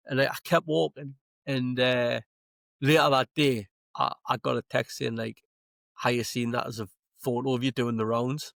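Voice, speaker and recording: A man's voice: medium pitch, brisk, vocal fry, no room sound, studio quality. A man with a Geordie accent, a stand-up comedian guesting on a podcast, telling stories in casual chat, swearing freely and acting out what people said. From Newcastle, England. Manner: swearing, animated anecdotes with acted-out quotes. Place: podcast studio.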